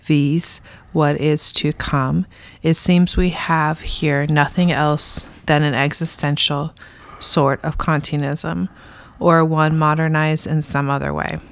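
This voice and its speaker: A woman reading a dense philosophy text aloud in a measured, deliberate way. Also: sits low, level tone, no room sound. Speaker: reader in a philosophy reading discussion.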